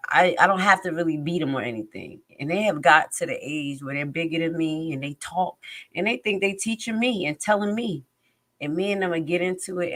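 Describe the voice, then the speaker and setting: A middle-aged woman, hosting a live stream and talking in a blunt, animated, casual way. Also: fairly low pitch. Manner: blunt and animated, acts out other people's lines. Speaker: host of a live commentary stream.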